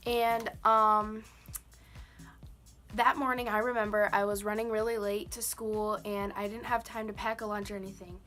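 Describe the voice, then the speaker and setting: A woman's voice: mid-range voice, flat delivery, moderate pace, a bit bright, faint music behind. A young woman chatting casually to the camera, telling a personal story with many "like" and "um" fillers. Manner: chatty, lots of "like" and "um". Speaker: vlogger.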